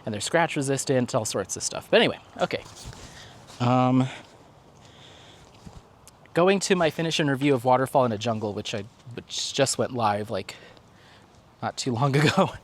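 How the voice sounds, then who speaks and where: A man hosting a casual vlog outdoors at a park, chatty and animated, laughing often as he talks. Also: medium pitch, normal speed, pauses often, slight background noise. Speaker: vlog host. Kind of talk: casual walk-and-talk vlog chat.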